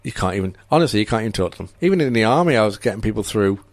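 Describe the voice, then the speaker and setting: British man, thirties, lowish voice, dry close sound, jokey podcast banter. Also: animated, no echo. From United Kingdom. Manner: banter, joking, quick to laugh. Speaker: podcast co-host. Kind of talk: casual chat.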